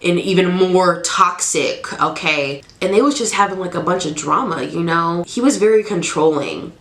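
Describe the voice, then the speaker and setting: A woman's voice: fairly low pitch, normal speed, echoey room. A young woman telling a personal story to camera in a frank, chatty way. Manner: chatty, frank, animated, acts out quoted lines. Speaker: storytime vlogger.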